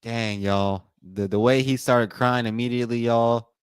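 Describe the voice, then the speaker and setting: A man's voice: medium pitch, steady tone, a little fast, clear, resonant tone, no room sound, clean studio sound. A man hosting a live watch party stream, giving loose play-by-play commentary and talking straight to his viewers. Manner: casual, repetitive, addresses viewers as y'all.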